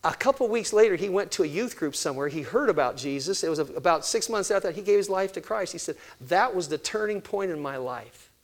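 A man's voice: sits high, lively intonation, fast talker, hardly any pauses. An older man giving a sermon-style talk on parenting, telling stories and acting out the quoted exchanges in changing voices. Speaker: speaker on family ministry.

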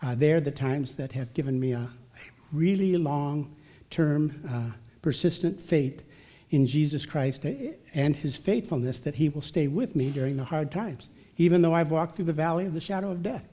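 Folksy man telling a warm story. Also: on the high side, moderate pace. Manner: folksy, self-deprecating, chatty. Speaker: speaker at a church family event. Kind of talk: humorous anecdotal storytelling with scripture.

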